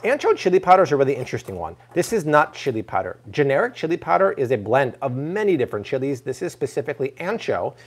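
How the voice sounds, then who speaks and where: Animated jokey male cooking host. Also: mid-range voice, fast, hardly any pauses, breathy edge. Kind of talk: live cooking stream.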